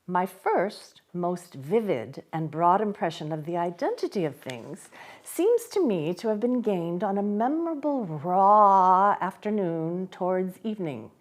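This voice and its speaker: A woman reading a classic novel aloud, telling the story with unhurried expression. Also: on the low side, animated. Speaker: volunteer reader.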